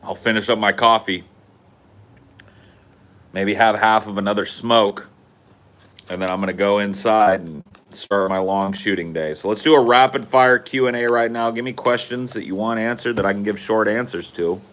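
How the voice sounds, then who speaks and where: A man's voice: lowish voice, moderate pace, a bit bright. A man hosting a casual solo podcast outdoors, talking bluntly and sardonically with plenty of swearing. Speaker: podcast host. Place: outdoors, smoking before going in.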